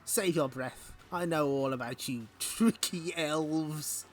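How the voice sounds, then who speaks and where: A man's voice: medium pitch, moderate pace, natural voice. A man doing a haughty young warrior. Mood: hostile. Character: proud, suspicious young male warrior.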